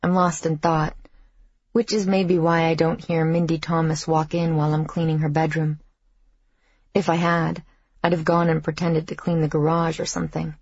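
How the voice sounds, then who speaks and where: A woman narrates a first-person audiobook in a measured, reflective voice. Her tone is low and husky. The sound is dry and close, a little dull. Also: level tone, darkish tone, no echo.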